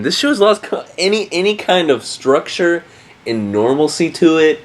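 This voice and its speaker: A man's voice: a little high, animated, moderate pace. Crude exasperated man reacting to anime. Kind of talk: casual reaction commentary.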